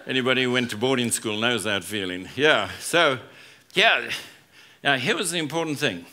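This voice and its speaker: This business school professor's humorous conference talk comes in an animated, sharp-toned voice of medium pitch at normal speed. Before a live audience, he tells stories, acts out quoted lines and trades jokes with the listeners.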